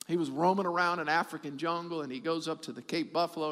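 A middle-aged man preaching a sermon as pastor, animated and repetitive for emphasis, joking with his congregation. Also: fairly high pitch, quick pace, hardly any pauses, big-room sound.

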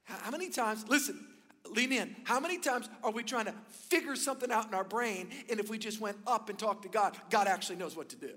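Guy pastor preaching, fairly high voice, lively storytelling, big reverby hall sound. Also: fairly quick. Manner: animated storytelling, rising to emphatic peaks. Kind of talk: sermon.

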